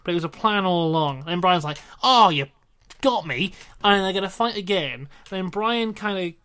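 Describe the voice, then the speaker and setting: A man's voice: sits high, a little fast, fairly bright tone, smooth. A young man co-hosting a podcast, casually recapping in a wry, rambling way. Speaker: podcast co-host. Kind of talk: casual chat reviewing wrestling.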